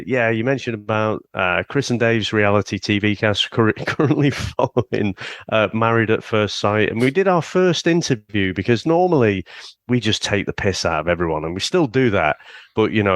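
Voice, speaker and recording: Deep-voiced sweary man in his fifties. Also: a bit bright, dry recording. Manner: jokey, swears freely, banter. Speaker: podcast guest. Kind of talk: casual podcast chat.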